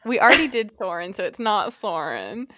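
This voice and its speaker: A woman co-hosting a casual podcast chat, giggly and thinking out loud as she guesses. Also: mid-range voice, moderate pace, heavy background noise. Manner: giggly, animated, thinks aloud. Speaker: podcast co-host.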